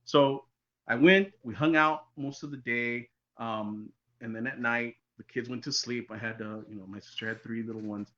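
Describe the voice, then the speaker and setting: A man, a podcast guest telling his own encounter story in an animated way that sometimes drops very quiet. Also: medium pitch, normal speed. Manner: animated storyteller, drops to near-whispers for tense moments. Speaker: interview guest. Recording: dull lo-fi sound.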